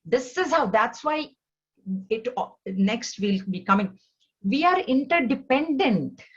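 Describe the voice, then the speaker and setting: A woman teaching a scripture class, earnest, often restarting her sentences and rising in pitch to stress her points. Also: lively intonation, unhurried, highs cut off. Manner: earnest, repetitive, with many restarts. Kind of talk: spiritual lesson on scripture.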